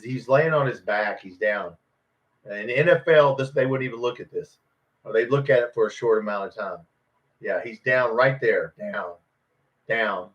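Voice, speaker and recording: Fired-up man swearing at a game. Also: medium pitch. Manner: frustrated, swearing, yelling at the game. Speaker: watch party host. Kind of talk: live game reaction. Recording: dull lo-fi stream audio.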